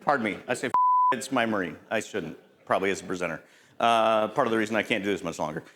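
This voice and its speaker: This clip is very noisy, with a middle-aged man speaking fast in a lowish voice. He's a safety trainer giving a chatty lecture full of lively job anecdotes, asking the audience questions and tossing in "right?" along the way.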